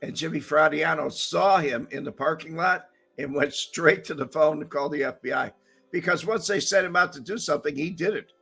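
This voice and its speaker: An older man co-hosting a casual podcast over a remote call, telling old stories with a gravelly, laughing delivery. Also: on the high side, normal speed, fairly bright tone, faint music behind. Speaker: podcast co-host, former mob associate.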